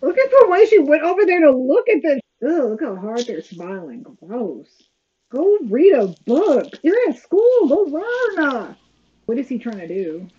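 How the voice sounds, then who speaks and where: A woman's voice: sits high, sing-song, a little slow. A woman hosting a casual watch-along, giving sarcastic, exasperated running commentary. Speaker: reaction video host. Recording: slightly dull lo-fi audio with faint noise.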